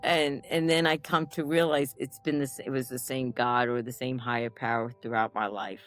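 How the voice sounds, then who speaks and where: A woman, a former nun and author, telling her story as a guest in a casual interview, animated, laughing, with many restarts. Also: a bass voice, moderate pace, faint music behind.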